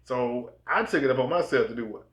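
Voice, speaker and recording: A man in his thirties co-hosts a relaxed podcast, his voice soft and subdued, so close to a whisper that his partner remarks on it. He tells stories loosely and slips into quoted voices along the way. The recording carries a noticeable roomy echo. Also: fairly quick, a little hiss or hum. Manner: soft, low-key delivery that sounds close to a whisper; storytelling, acting out quoted voices. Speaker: podcast co-host. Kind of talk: casual chat.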